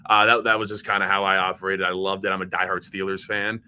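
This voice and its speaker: A man's voice: low voice, little pitch movement, fast talker, sharp tone, slight background noise. A young man from Maryland, a podcast guest and former college football player, talking in a loose, chatty way with lots of fillers and restarts. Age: young adult. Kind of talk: casual chat.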